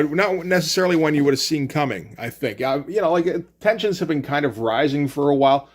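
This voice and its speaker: Chatty man reviewing a comic. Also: medium pitch. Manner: loose and chatty, acts out dialogue, swears freely.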